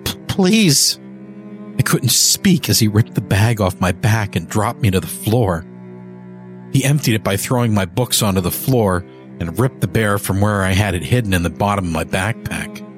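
A man reading a horror story aloud in first person, measured and often slowing down for tension. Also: soft background music. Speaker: narrator. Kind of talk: scripted horror story narration. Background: faint cello and double bass score.

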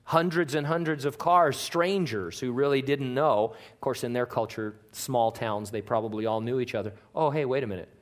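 A man's voice: moderate pace, hardly any pauses. Man preaching a chatty, joking sermon. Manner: conversational and joking, with wide swings in pitch and loudness. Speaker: pastor. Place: church.

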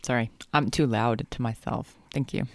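A podcast co-host chatting casually, quick and playful with frequent laughter. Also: medium pitch, fairly even intonation, gravelly. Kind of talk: casual chat.

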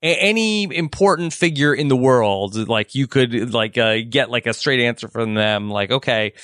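A man's voice: medium pitch, lively intonation, moderate pace, fairly bright tone, no room sound, clean studio sound. A man in his thirties co-hosting a podcast in casual chat, rambling with many fillers and restarts. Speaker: podcast co-host.

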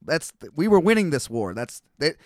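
A man's voice: fairly high pitch, big pitch swings, a little fast, no echo, clean studio sound. A man co-hosting a podcast, rambling through explanations in casual banter and getting testy when teased. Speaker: podcast co-host.

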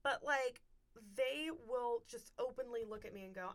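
A woman's voice: fairly high pitch, normal speed, a bit bright. A woman from North Carolina, co-hosting a podcast, chatting in a bubbly, joking way. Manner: bubbly, joking, laughs often. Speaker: co-host and actress. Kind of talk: casual chat.

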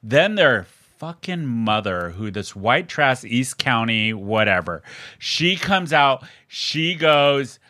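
Casting: animated male podcast host, bright forward voice, dry close mic, salty storyteller. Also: mid-range voice, takes it slowly, no room sound. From San Diego area, California. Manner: animated storytelling, swears freely, acts out quotes. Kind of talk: casual chat.

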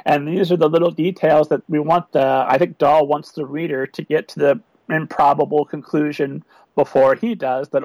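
A man, an author, answering interview questions about a children's book with eager, animated talk. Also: a little high, moderate pace, dry recording, poor audio. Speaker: author and podcast guest.

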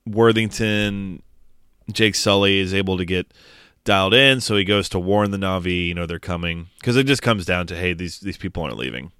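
Deep-voiced man cracking profane movie jokes. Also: normal speed, a bit bright, smooth, no echo, studio quality. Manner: profane, joking, recaps scenes. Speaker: podcast co-host. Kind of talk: casual movie review chat.

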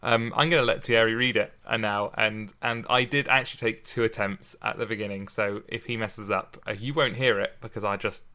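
A man with a bright, clear tone, casually discussing poetry as a podcast host. He thinks aloud, stopping and restarting his sentences as he goes. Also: fairly low pitch, steady tone. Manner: thoughtful, halting, with many restarts.

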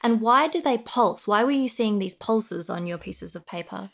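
A woman's voice: mid-range voice, expressive, moderate pace, creaky. A woman hosting an interview, asking questions with eager, responsive interest. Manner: enthusiastic, responsive listener. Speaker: podcast host.

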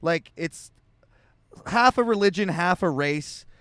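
A man's voice: high voice, expressive, takes it slowly, fairly bright tone, smooth, dry recording. A man co-hosting a casual comedic podcast, reading scripture aloud between loose tangents. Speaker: podcast co-host. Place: home podcast setup in Austin.

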